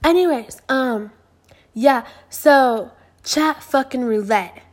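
A woman's voice: sits high, slow. A woman in her twenties hosting a podcast, telling stories in a rambling, profane way, full of fillers and restarts. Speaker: podcast host. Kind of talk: casual storytelling.

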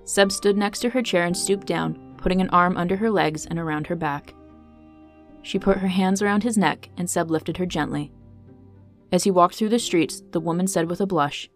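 Woman narrating a fantasy story, low voice. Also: moderate pace, soft background music.

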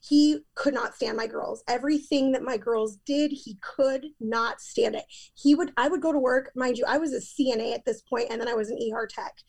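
A woman's voice: fairly high pitch, moderate pace, vocal fry, hardly any pauses, darkish tone. A woman in her thirties, a podcast guest, telling a painful personal story in a candid, emphatic way.

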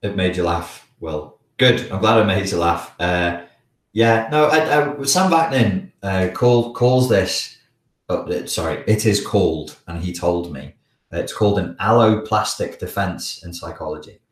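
Hosting a casual live question-and-answer session, this Scouse-accented man from the Wirral, England, sounds blocked up with a cold, hesitating, restarting often and chuckling mid-sentence. He sits low and speaks a little slowly, recorded roughly far from the mic with a roomy sound.

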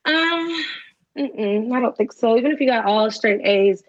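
A woman's voice: fairly high pitch, animated, unhurried, dull audio. Woman doing a curt, dismissive school counselor.

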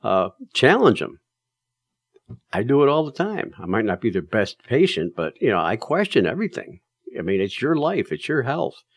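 A man's voice: mid-range voice, big pitch swings, normal speed, husky, dry recording, studio quality. A man giving casual, emphatic advice to drivers, telling stories in a plain-spoken way with plenty of fillers.

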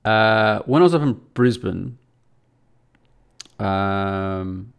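A man's voice: on the low side, extremely slow, vocal fry, clear, resonant tone, highs cut off. Blunt, profane man ranting. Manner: blunt, combative and profane, grows heated and loud. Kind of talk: solo ranting monologue.

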